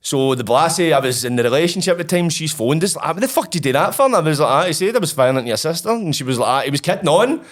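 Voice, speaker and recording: A man's voice: fairly high pitch, animated, racing, few pauses. A Scottish man telling his own story as an interview guest, blunt and profane, acting out old conversations.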